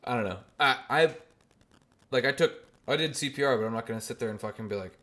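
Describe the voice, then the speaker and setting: A young man hosting his own podcast, telling a story in crude, animated casual chat and mocking other people's voices. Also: medium pitch, fast talker. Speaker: podcast host.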